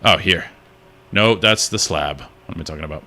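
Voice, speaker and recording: A man's voice: low voice, moderate pace, sharp tone. A man giving casual gameplay commentary as a streamer, thinking aloud and muttering to himself.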